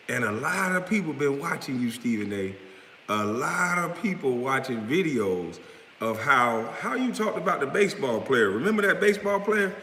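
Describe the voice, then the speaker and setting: A man's voice: medium pitch, pushed and bright, reverberant, in a large hall, slight background noise, low-quality recording. A man hosting a live stream, delivering a profane, confrontational rant. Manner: profane, confrontational, trash-talking.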